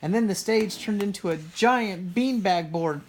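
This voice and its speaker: A woman doing a high little girl cub. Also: unhurried, darkish tone. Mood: upset. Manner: high, wailing when scared. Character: little girl bear cub, excitable and easily frightened.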